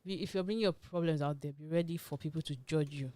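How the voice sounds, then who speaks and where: A woman's voice: sits low, quick pace, mellow, no room sound. A woman hosting a radio talk show, giving her opinions in a conversational, emphatic way. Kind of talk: casual panel discussion. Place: radio studio.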